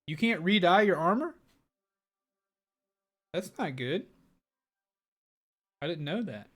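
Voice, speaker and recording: A man's voice: high-pitched, expressive, takes it slowly, long pauses, fairly bright tone. A man streaming a game live, chatting casually and upbeat, often thanking viewers. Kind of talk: casual live gaming commentary.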